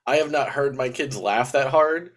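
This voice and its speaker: A man's voice: mid-range voice, normal speed. Matter-of-fact man in his thirties. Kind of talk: casual chat.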